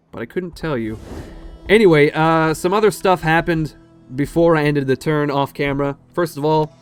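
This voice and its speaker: A man's voice: fairly high pitch, smooth. Chatty, swearing game commentator, man. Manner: chatty, digressive, swears casually. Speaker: let's play host. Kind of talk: casual gameplay commentary.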